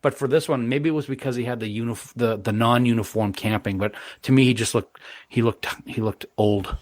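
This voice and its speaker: A man co-hosting a podcast, enthusiastic and quick to laugh, stammering at the starts of thoughts. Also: mid-range voice, steady tone, no echo, clean studio sound. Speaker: podcast co-host. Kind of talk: casual podcast chat.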